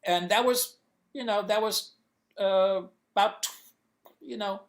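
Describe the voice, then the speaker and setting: A man guest in an interview on a video call, answering in a halting way with many restarts as he searches for words. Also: high-pitched. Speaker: comics inker, guest.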